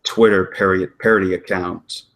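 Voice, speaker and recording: A man's voice: low-pitched, steady tone, normal speed, fairly bright tone. A man talking wryly and hesitantly in a casual group chat over a video call.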